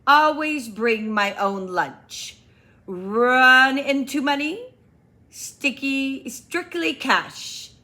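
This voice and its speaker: A woman reading aloud and voicing a small gopher who talks like a brisk salesman in short, clipped phrases. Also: high-pitched, pushed and bright, voice pushed up, full character voice. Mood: businesslike. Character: excitable small gopher, fast-talking salesman type.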